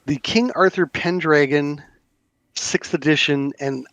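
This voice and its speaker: A man's voice: on the high side, unhurried, fairly bright tone, no room sound. A man hosting a podcast, talking casually and rambling with many restarts. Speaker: podcast host. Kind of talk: casual chat about tabletop games.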